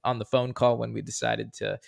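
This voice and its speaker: A young man co-hosting a podcast in casual chat, animated and prone to loud mock voices. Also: mid-range voice, a little fast, creaky, no echo, clean studio sound. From California. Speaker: podcast co-host.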